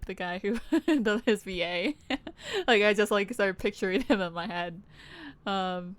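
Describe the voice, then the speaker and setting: A woman's voice: medium pitch, clean tone, no room sound. A young woman streamer chatting casually over her game, giggly and swearing offhandedly. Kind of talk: casual live game commentary.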